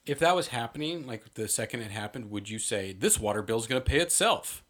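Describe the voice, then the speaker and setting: A man's voice: medium pitch, animated, brisk, fairly bright tone. A man hosting a podcast in casual chat, playfully asking teasing questions. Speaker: podcast host.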